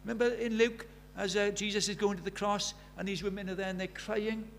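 A man's voice: high voice, level tone, brisk, a little hiss or hum. A man preaching a sermon, emphatic, repeating key phrases and asking the listeners rhetorical questions.

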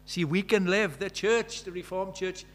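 A man preaching a sermon, conversational and animated, swinging from loud exclamations to quiet, intimate tones. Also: sits high, normal speed. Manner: conversational, uses quoted dialogue and filler words.

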